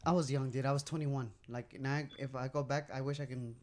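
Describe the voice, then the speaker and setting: A man in his twenties, co-hosting a podcast in a small room, tells stories with lots of swearing and animated bursts. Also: mid-range voice, fairly quick. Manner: animated storyteller, heavy swearing. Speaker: podcast co-host. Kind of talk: casual chat. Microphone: podcast mic at a table.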